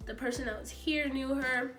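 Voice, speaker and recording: A young woman vlogger with a high-pitched, slightly bright voice and fairly even intonation speaks at a moderate pace, with soft music behind her. Tearful, her voice breaking, she rambles through a painful storytime, saying "like" constantly and acting out what people said.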